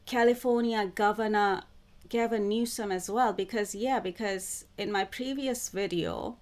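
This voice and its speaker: A woman describing herself as a psychic channeler speaks to the camera in a spiritual monologue. Her mid-range voice moves slowly and deliberately, returning again and again to the same words.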